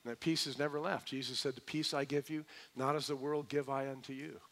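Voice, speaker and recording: A middle-aged male pastor preaching a sermon, building to emphatic points and then dropping soft and low. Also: steady tone, a little fast.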